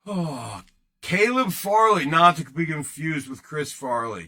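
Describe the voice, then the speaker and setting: Bright-voiced joking man streaming live. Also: fairly high pitch, lively intonation, slow pace. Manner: joking, rambling, talks to chat. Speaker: host of a card-breaking livestream. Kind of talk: casual livestream chat.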